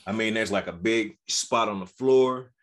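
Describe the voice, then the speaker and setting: A man's voice: lowish voice, normal speed. A young man co-hosting a podcast, telling a family story in casual chat and acting out the dialogue. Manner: animated storytelling, acts out dialogue. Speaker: podcast co-host.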